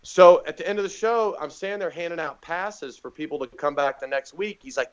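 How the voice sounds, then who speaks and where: A comedian guesting on a podcast tells stories casually, animatedly acting out the voices of people he quotes. His fairly high male voice is smooth and fairly quick, though the audio is dull.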